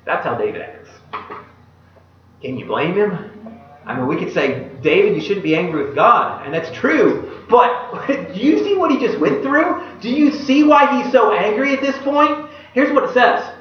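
A man preaching a sermon, retelling a Bible story in an animated way and putting questions to his listeners. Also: very high voice, measured pace. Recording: echoey, distant, dull room recording.

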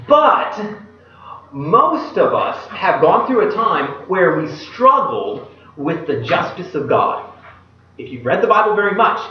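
A man preaching a sermon, retelling a Bible story in an animated way and putting questions to his listeners. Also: fairly high pitch, slight background noise. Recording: echoey, distant, dull room recording.

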